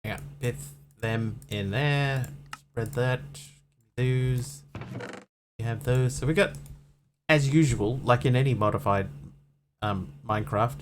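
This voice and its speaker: A man's voice: mid-range voice, slow, background noise. Rambling man streaming a game. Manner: rambling, thinking aloud with many fillers. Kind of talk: casual gameplay commentary.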